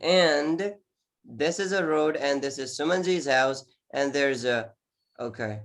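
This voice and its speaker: A man's voice: medium pitch, slow pace, fairly bright tone. A man teaching an online English exam class, encouraging, repeating words often with many "okay"s. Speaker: IELTS teacher.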